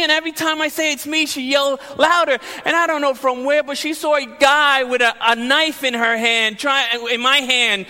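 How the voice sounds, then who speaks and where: A high-voiced man preaching a sermon in a hall with a long echo. He tells personal stories with animated energy and acts out the shouting moments. His voice is very bright and ringing. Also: normal speed, clean tone. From Long Island, New York.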